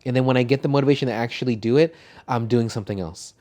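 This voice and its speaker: A man's voice: mid-range voice, very fast, a little mellow. A man co-hosting a podcast in casual chat, rambling and swearing freely. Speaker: podcast co-host.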